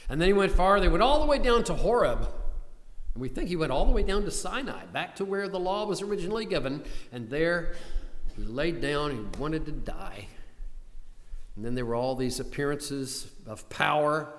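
A man's voice: a little high, lively intonation, a little fast, fairly bright tone. An older man preaching a sermon, retelling scripture in a storytelling way and pressing hard on key lines. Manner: storytelling, rising to urgent emphasis in quoted pleas. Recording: long hall reverb.

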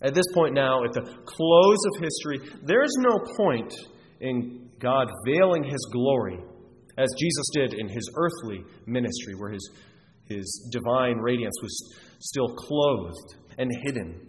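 A man's voice: mid-range voice, lively intonation, a little slow. A man preaching a sermon, earnest and emphatic, often restarting his phrases. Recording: reverberant hall, faint noise.

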